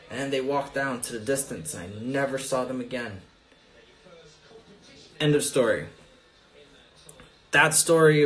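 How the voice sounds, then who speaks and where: A man coaching on dating, telling a story in a casual, profane, animated way during a live Q&A. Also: mid-range voice.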